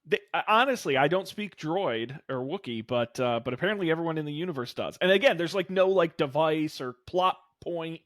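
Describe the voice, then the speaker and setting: A man hosting a casual podcast, playful and animated, tossing in silly sound effects. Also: fairly high pitch, brisk, hardly any pauses, dry recording, studio quality. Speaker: podcast host.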